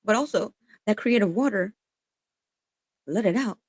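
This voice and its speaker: A woman's voice: medium pitch, expressive, unhurried, darkish tone, slightly rough, dry recording. A woman giving a casual spiritual tarot reading, earnest and emphatic, swearing freely as she passes on encouraging messages. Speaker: tarot reader.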